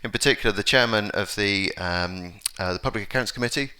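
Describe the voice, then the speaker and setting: Man, English accent, conference talk, halting with fillers, smooth resonant voice, lowish pitch. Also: bright, forceful tone. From England. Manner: hesitant, many fillers and restarts. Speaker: conference speaker. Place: conference hall.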